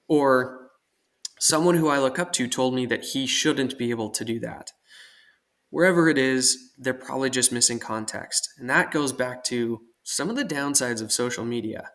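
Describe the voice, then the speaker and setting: A man's voice: medium pitch, unhurried, a bit bright. A man from Oregon, a guest armorer on a podcast, talking in a casual, earnest and reflective way at length. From Portland, Oregon.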